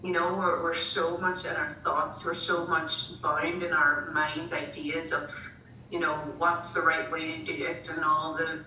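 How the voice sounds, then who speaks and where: A woman's voice: low-pitched, flat delivery, measured pace, pushed and bright, echoey room, far from the mic, a little hiss or hum, low-quality recording. A woman guest in a casual faith discussion, speaking candidly and emotionally.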